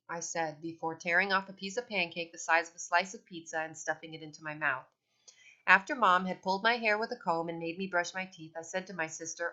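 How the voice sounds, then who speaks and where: A woman reading a children's book aloud in a wry, deadpan storytelling manner, in a dull lo-fi recording. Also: on the low side, a little fast. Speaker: audiobook reader.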